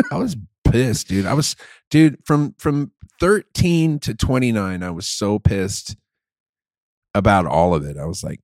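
Animated man ranting with jokes. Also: medium pitch, slow, dry recording, studio quality. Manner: animated, joking, profane rants. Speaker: podcast co-host. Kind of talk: casual chat.

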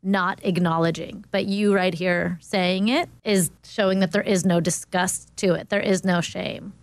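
A woman joins a casual chat with affirming, supportive remarks. Her voice sits a little low. The sound is dry and close. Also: fairly even intonation, no room sound. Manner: affirming, supportive, quick to agree.

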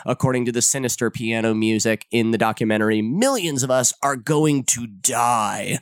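A man delivering a sarcastic, profane commentary monologue, jumping into high mock-dramatic tones to mock what he describes. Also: dry recording, studio quality. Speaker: online commentator.

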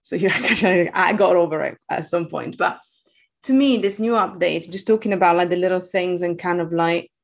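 Italian woman, lively podcast co-host. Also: lowish voice, normal speed, creaky. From Italy. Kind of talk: casual podcast chat.

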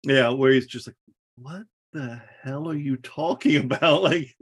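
A man's voice: medium pitch, unhurried, breathy edge. A man co-hosting a podcast in casual chat, mostly giving short agreeing replies and laughing often. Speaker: podcast co-host.

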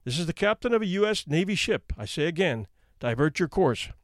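A pompous, commanding navy captain , as a man reads him, stiff and insistent, a touch higher than plain talk. Dry, close sound. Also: big pitch swings, fairly quick, no room sound. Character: pompous male naval captain making demands.

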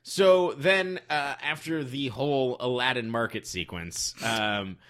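Man, bright mid voice, loose film chat, swears casually. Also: mid-range voice, a little slow. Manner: rambling, swears casually, restarts sentences.

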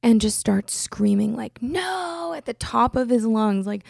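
A woman's voice: medium pitch, fairly even intonation, unhurried, creaky, darkish tone, no echo, studio quality. A young adult woman hosting a podcast, telling a personal story in a casual, chatty way full of "like" fillers. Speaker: podcast host.

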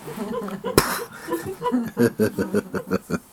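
A man from Jamaica giving a casual spiritual talk, animated and often laughing, sometimes sinking to a near whisper. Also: very high voice, extremely slow, slight background noise.

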